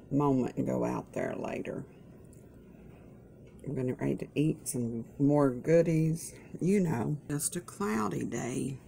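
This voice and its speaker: A woman's voice: deep voice, creaky, mellow, slight background noise. A woman chatting in a folksy, chatty way at her kitchen table, with religious asides. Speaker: vlogger caring for her mother. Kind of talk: casual chat. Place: home kitchen, breakfast table.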